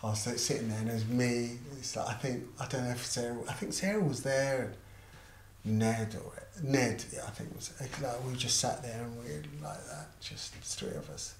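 A man's voice: medium pitch, normal speed. A middle-aged man telling an anecdote in an interview, acting out the voices of the people in it. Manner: animated, acts out quoted voices. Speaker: interviewed musician and artist manager. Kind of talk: casual anecdotal storytelling. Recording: roomy echo, faint background noise.

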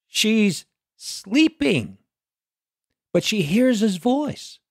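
A man preaching a sermon with slow, deliberate delivery and a lively, swooping pitch. His voice sits a little high and the sound is close and dry. He keeps asking his listeners questions and shifts from loud peaks to hushed low lines. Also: gravelly, dry recording. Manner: dramatic swings between loud peaks and low quiet lines.

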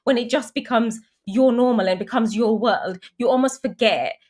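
A woman, a guest on a chat show, telling her story in a casual, animated way with lots of fillers and restarts. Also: on the high side, moderate pace.

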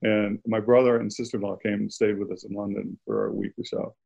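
A man's voice: lowish voice, fairly even intonation, fast talker, creaky, a little mellow, breathy edge, highs cut off. An older American man, a guest author, chatting casually in an interview and telling anecdotes with easy laughs. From United States. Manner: laughs easily, anecdotal storytelling.

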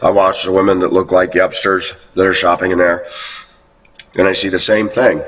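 Husky man rambling on a muffled recording. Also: sits low, little pitch movement, moderate pace, a bit bright, distant mic. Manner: rambling, quotes others in raised voice. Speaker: video blogger. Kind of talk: rambling monologue.

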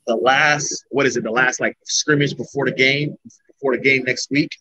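A man's voice: medium pitch, steady tone, normal speed, bright, forceful tone. A young man from Florida, an MMA fighter telling his story in a rambling, casual interview. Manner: rambling, restarts sentences often. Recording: dull lo-fi recording.

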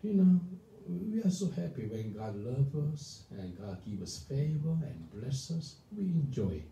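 A male pastor preaching a sermon, emphatic and animated, often asking the congregation whether they understand. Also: medium pitch, unhurried, gravelly. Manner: animated, emphatic, calls for responses. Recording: echoey room from far off, faint noise.

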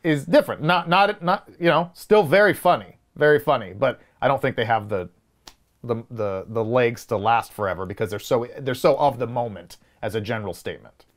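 A man's voice: mid-range voice, a little fast. A man co-hosting a casual movie review podcast, arguing his points emphatically and restarting sentences as he builds them. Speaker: podcast co-host.

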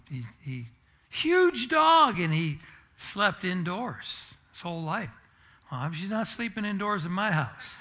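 A pastor delivers a sermon in church, weaving in light, self-deprecating humor. His voice sits a little high for a man and has a bright, forceful edge. He takes his time, letting each phrase land slowly. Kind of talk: sermon with personal storytelling.

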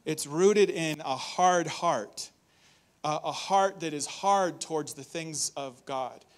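Animated man preaching a sermon. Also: on the high side, slow pace. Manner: conversational, animated, acts out quoted warnings. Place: church.

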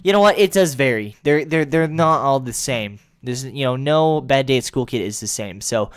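A man's voice: mid-range voice, moderate pace, clear, resonant tone. Crude, sarcastic young male YouTuber. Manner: crude, sarcastic, jumping into loud impressions. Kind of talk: comedic commentary.

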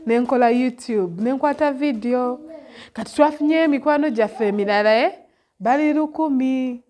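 A woman's voice: sits high, moderate pace, a little mellow. A young Ugandan woman vlogging at a village school, tearful and laughing as she switches between English and Luganda. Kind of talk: casual vlog. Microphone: handheld phone.

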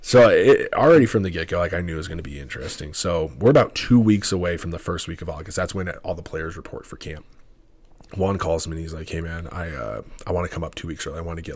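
A man's voice: deep voice, gravelly, slightly rough, dry recording. A young man in his twenties telling a rambling, self-correcting story as a podcast guest, acting out each person's lines. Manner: rambling, self-correcting, quotes others in dialogue. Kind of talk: casual storytelling.

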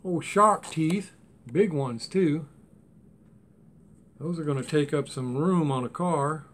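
A chatty man with a voice that sits a bit high for a man. He talks in a loose, folksy way, rambling from one thought to the next. The tone is casual and homespun. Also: slow pace. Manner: chatty, folksy and rambling, with Southern-style grammar. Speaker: die-cast car hobby vlogger. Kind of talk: casual rambling unboxing chat.

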